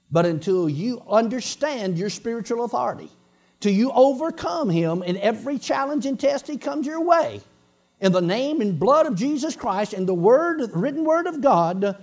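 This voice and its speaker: A man's voice: high voice, a little mellow. A man preaching a sermon, emphatic and repeating his points, breaking into bursts of laughter.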